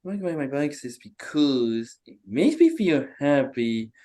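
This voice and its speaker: A man's voice: mid-range voice, very animated, a little slow, dark tone. A man in his twenties from Florida, answering interview questions in short, simple sentences. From Florida, USA. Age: 20s. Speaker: athlete guest.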